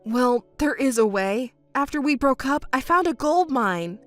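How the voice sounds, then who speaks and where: A woman's voice: sits high, lively intonation, unhurried, dry recording, soft background music. A woman reading the part of a cheating husband in a texting story, pleading and defensive, stammering when cornered. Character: cheating, embezzling husband, adult man.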